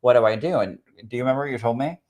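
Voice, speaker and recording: A man, a spirit medium, sharing a personal story in an expressive, chatty way that swells with emotion. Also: medium pitch, rapid-fire. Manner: expressive and chatty, full of "like" and "literally".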